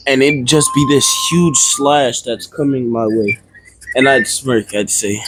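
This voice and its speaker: A man's voice: mid-range voice, measured pace. Guy rambling thru a made-up anime fight, casual and sweary, mid voice, hissy audio with clicks. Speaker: storyteller in a role-play. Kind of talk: improvised role-play narration.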